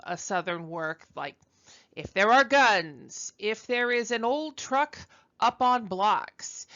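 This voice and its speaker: A woman's voice: medium pitch, a bit bright, clean tone, dull audio. A woman from Brooklyn giving a conversational recorded university lecture, chatty and self-deprecating, with frequent ums and uhs. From Brooklyn, New York.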